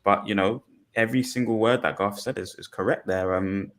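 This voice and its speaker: A man talking things through deliberately on a fan podcast panel, with many pauses and restarts. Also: fairly low pitch, steady tone, fairly bright tone. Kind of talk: measured fan podcast discussion.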